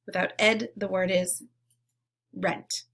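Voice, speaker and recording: A woman teaching a phonics lesson to young children, giving slow, clearly spoken word prompts and pausing for them to repeat. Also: mid-range voice, little pitch movement, a bit bright. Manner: encouraging.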